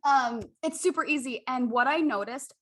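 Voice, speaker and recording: A woman's voice: high voice, moderate pace, a bit bright. A woman hosting a podcast, talking candidly and effusively and often speaking straight to her listeners. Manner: candid, effusive, addresses listeners as "you guys". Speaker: podcast host. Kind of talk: casual chat.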